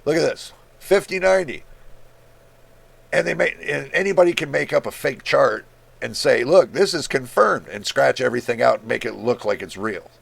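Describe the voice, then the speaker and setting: A man's voice: mid-range voice, lively intonation, normal speed, creaky, fairly bright tone, breathy edge. A man in a casual, exasperated rant as a tech video host, blunt and incredulous, swearing freely. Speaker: tech YouTuber. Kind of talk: casual screen-share rant.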